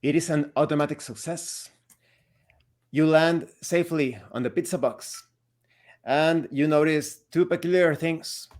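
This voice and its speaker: A man narrating a tabletop role-playing game as game master, describing scenes in a steady, descriptive way. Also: a little high.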